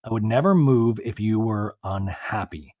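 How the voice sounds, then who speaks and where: A man's voice: lowish voice, a little slow, warm tone, no echo, pitched below the performer's own voice, close to an everyday voice. A man voicing a sincere young husband promising to be there for his wife. The delivery is earnest and reassuring, in a dry room.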